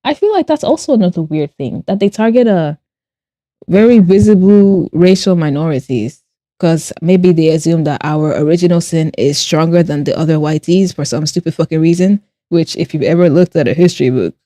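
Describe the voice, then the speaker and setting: Mellow-voiced woman chatting on a stream. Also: deep voice, no room sound, clean studio sound. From Nigeria and Ireland. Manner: animated and quick to laugh, with blunt swearing. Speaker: streamer and artist. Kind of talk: casual livestream chat, reading chat aloud while drawing.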